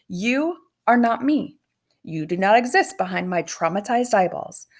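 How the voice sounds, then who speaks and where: A woman's voice: mid-range voice, expressive, a little slow. A woman voicing a pompous, dramatic boy who speaks in grand, formal sentences, in a storybook read-aloud. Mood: insistent.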